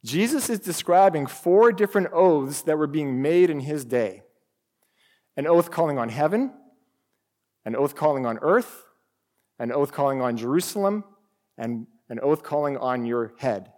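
Slow, reverberant preaching man. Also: a little high, expressive, a little mellow. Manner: deliberate preaching with emphatic rhetorical questions. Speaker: pastor. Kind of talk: sermon.

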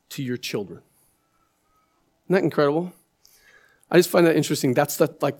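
A man's voice: on the high side, a little mellow. A man preaching a sermon in a conversational way, often checking with listeners and repeating words as he builds his point. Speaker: pastor.

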